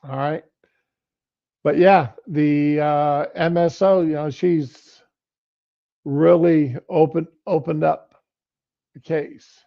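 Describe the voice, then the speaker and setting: A man's voice: a little high, steady tone, slow, vocal fry, long pauses. A middle-aged man giving casual political commentary on a livestream, rambling and conversational. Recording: lo-fi stream audio.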